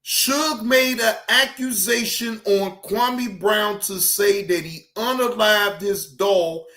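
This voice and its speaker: Brief: reaction host, man, slightly high voice, slow deliberate talk, emphatic. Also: sharp tone. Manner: earnest, emphatic, addresses viewers. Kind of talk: casual commentary.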